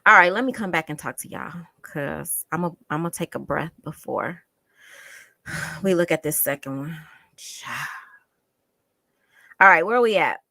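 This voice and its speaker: A woman talking through a live stream in a casual, emphatic way. Her voice sits low but comes out bright and forceful, and she repeats phrases to drive home her frustration. The sound is close and dry. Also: expressive, unhurried, gravelly, long pauses, no room sound.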